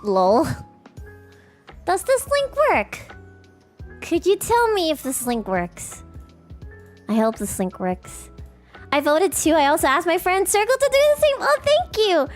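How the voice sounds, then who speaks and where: A young woman, chatting with her viewers in a high voice that swoops up and down. Her talk is animated and giggly. Faint music plays underneath. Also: unhurried, pauses often. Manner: animated, giggly, acts out polite strangers and sings snatches of songs. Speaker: streamer. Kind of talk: casual chat with livestream viewers.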